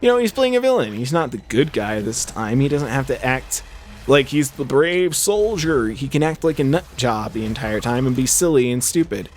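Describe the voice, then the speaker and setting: A man's voice: medium pitch, lively intonation, normal speed, slight background noise. A young man chatting casually over a game he is playing, rambling with many fillers and restarts. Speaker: gaming channel host. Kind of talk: casual let's-play commentary.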